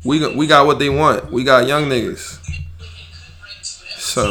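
A man's voice: mid-range voice, a little slow, long pauses, music in the background. A man hosting his podcast, ranting in a heated, profane and slangy way. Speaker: podcast host. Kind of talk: live emergency podcast rant.

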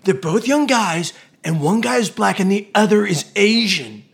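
A man's voice: sits high, expressive, moderate pace, vocal fry. An actor playing a dim-witted young male student slacker who talks in a dopey, rambling way.

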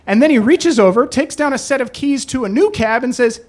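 Animated storyteller with a lively voice. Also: high voice, moderate pace, hardly any pauses. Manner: animated, acts out quotes. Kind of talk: live personal storytelling.

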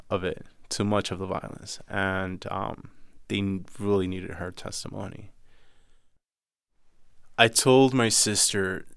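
A man's voice: low-pitched, gravelly, fairly bright tone, no echo, studio quality. A young man with a Dominican accent telling his own life story, earnest and intense. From Dominican Republic. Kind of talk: personal storytelling.

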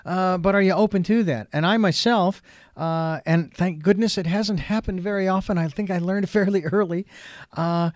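A man's voice: sits high, normal speed, dry recording, clean studio sound. A man hosting a talk show, speaking in a folksy, reflective way with fillers and restarts. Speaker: radio show host. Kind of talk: casual talk show conversation.

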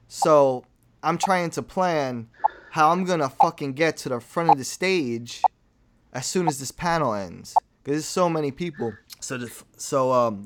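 A man's voice: medium pitch, background noise. Profane New guy telling a story. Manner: animated, profane, acts out quotes. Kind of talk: casual storytelling chat.

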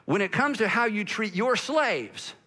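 A man with a high, bright voice preaching a sermon. He is animated, acting out the voices of the people he quotes. He preaches as a pastor. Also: measured pace.

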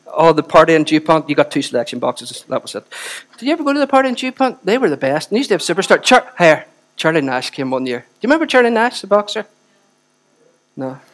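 A man's voice: a little high, big pitch swings, quick pace, fairly bright tone. A man, preaching a sermon with chatty asides and repeated phrases for emphasis. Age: 40s. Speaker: pastor.

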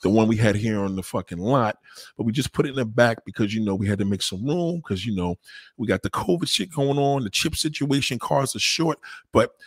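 A man voicing a condescending car salesman who drawls in a lowered, dismissive voice. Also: lively intonation, brisk, husky, no room sound, studio quality. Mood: smug.

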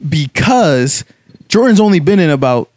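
A young man with a fairly high voice, recorded dry and close, co-hosts a casual podcast. He teases his friends with absurd jokes and argues his points with emphasis. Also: very animated, moderate pace, darkish tone, dry recording. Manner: teasing, absurd banter, emphatic when arguing. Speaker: co-host. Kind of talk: casual chat.

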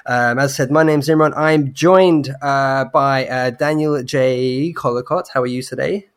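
A man hosting a casual podcast chat, often pausing with ums and uhs. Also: medium pitch, fairly even intonation. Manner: hesitant, many ums and uhs. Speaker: podcast host.

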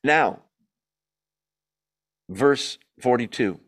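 A man with a voice of ordinary pitch leads a Bible study in a lively, emphatic way. He reads passages aloud, comments on them with opinionated asides, and keeps asking his listeners questions that he answers himself. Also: extremely slow.

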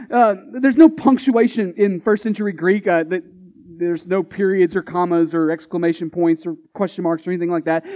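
A man's voice: high voice, a little mellow. A male Baptist pastor preaching a sermon in a conversational, emphatic style full of rhetorical questions, on a dull recording.

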